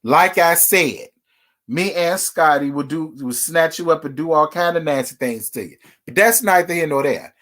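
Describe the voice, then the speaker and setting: A man's voice: on the high side, animated, moderate pace, fairly bright tone. Sassy, chatty gossip host, man. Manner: sassy, chatty, talks straight to viewers. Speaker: livestream host. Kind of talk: casual reality TV gossip livestream.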